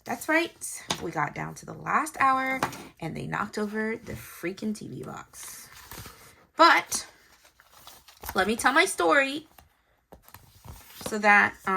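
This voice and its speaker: Woman, thirties, casual storyteller, gravelly edge. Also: medium pitch, pushed and bright, a little hiss or hum. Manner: chatty storytelling, talks to viewers, thinks aloud. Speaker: planner vlogger and mother. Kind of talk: casual chat while decorating.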